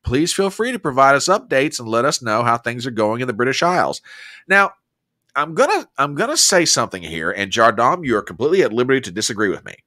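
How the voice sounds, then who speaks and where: An American man hosts a casual livestream and reads viewer comments aloud with effusive enthusiasm. His pitch swings a lot and his tone is bright and forceful. The sound is dry and close. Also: very animated, fast talker, no room sound. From United States. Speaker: livestream host.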